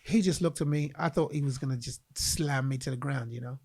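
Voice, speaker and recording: A man from England, a guest in a podcast interview, telling a personal story in an animated way and acting out the voices he quotes. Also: mid-range voice, fairly quick, breathy edge.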